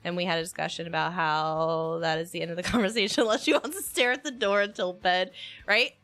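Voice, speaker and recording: A young adult woman chatting casually on a stream, telling animated stories and laughing often. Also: fairly low pitch, fairly quick, soft background music. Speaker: streamer co-host. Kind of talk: casual chat.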